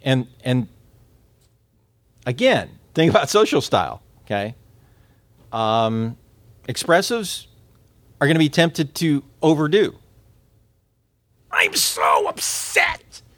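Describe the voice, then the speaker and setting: A man teaching a class on communication. He talks in a lively way, laughs often, quizzes his listeners and repeats words as he restarts. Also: fairly high pitch, slow, long pauses, no echo. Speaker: instructor.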